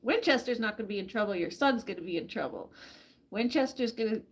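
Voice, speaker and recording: A woman vlogging from her backyard farm, chatting casually with viewers and softly coaxing a hen through a soak. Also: fairly high pitch, animated, fast talker, slightly rough. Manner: soft, coaxing talk to an animal. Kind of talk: casual live chat reading comments.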